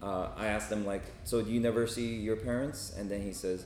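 Man, hospital chaplain, casual storytelling, keeps asking "right?", lowish voice, roomy echo with faint background hum. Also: steady tone, a little fast, a little mellow. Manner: casual, checks in with "right?" and "okay?". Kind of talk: storytelling talk to a group.

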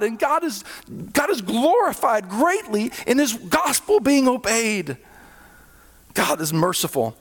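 A male pastor preaching a sermon, with sudden swells in volume and hushed, slowed drops. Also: extremely high pitch, gravelly. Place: church hall. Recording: reverberant hall.

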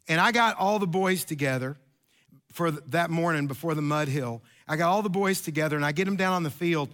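A man's voice: on the high side, fairly bright tone. A pastor in his fifties giving a sermon in a chatty, joking storytelling way with many restarts.

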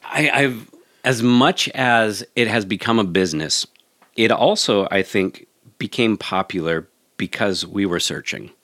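A man's voice: fairly low pitch, measured pace, fairly bright tone, dry recording. A man, a yoga teacher, in a casual podcast chat, earnest and reflective, often restarting his sentences.

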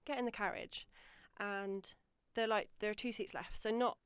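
Animated woman telling a story. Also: medium pitch, moderate pace, clear, resonant tone, dry recording. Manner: animated storyteller, acts out quotes, gets louder when excited. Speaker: podcast guest. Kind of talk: casual storytelling chat.

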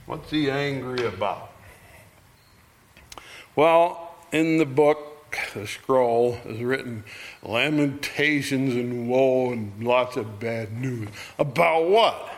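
Speaking slowly at a medium pitch, a man works through a Bible passage verse by verse. He reads the scripture aloud, then explains it in a folksy, conversational way.

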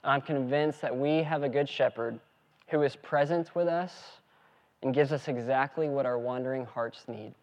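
A man preaching a sermon in a mid-range voice, earnest and steady as he walks through the text. The recording is a little muffled, with a dull edge to the sound. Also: mid-range voice, normal speed. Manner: earnest preaching with spoken prayer. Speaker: pastor.

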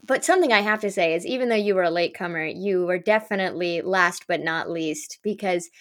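A woman hosting a podcast she created, chatting in a casual, upbeat way with quick asides. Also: lowish voice. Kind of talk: casual interview chat.

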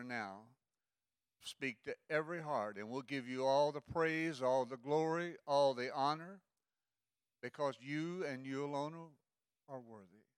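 An older man prays over the offering as a guest pastor, his voice smooth and resonant. The words flow in a pastoral rhythm. The sound is close and dry. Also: on the high side, fairly bright tone, no echo. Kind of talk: offering prayer.

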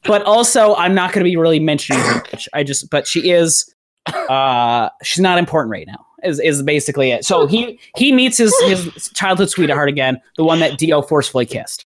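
A woman's voice: low voice, expressive, normal speed. A woman on a casual comedy podcast, rambling through a story plot with frequent laughter. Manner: rambling, laughs often, acts out characters' lines.

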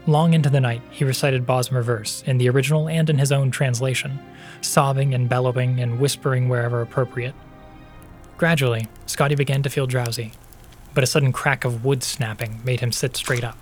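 Man narrating in even, measured tones. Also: mid-range voice, faint music behind. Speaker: narrator and podcast host. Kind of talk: scripted audiobook narration.

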